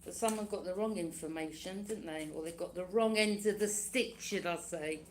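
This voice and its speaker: A woman's voice: fairly low pitch, moderate pace, darkish tone, slight background noise. A woman giving a casual tarot reading, chatty and laughing often, acting out other people's lines. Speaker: tarot reader.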